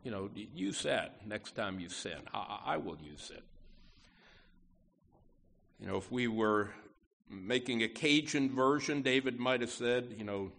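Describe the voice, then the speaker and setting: Man, pastor, mid-pitched voice; folksy sermon, chatty asides, leans hard on key words. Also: lively intonation, a little slow, gravelly, pauses often, a bit bright. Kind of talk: conversational sermon.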